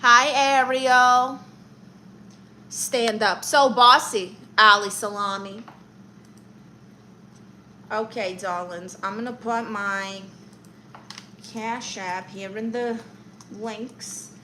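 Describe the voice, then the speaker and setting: Brief: bright-voiced, sassy New woman, comic live-stream auntie teasing her chat, faint room hiss. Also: mid-range voice, steady tone, takes it slowly, long pauses, rough recording. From Brooklyn, New York. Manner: sassy, teasing, calls viewers honey and darling. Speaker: livestream host playing an aunt character.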